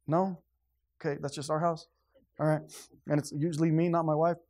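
A male pastor preaching in a loose, conversational way. He swings between raised, punchy lines and quiet, earnest ones, often slipping into acted-out quotes. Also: on the high side, a little fast. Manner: conversational, animated, acts out quotes. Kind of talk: sermon.

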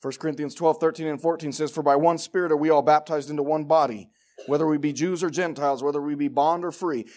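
A man preaching a sermon, telling folksy, jokey stories and swinging from hushed asides to loud outbursts. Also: on the high side, steady tone, quick pace.

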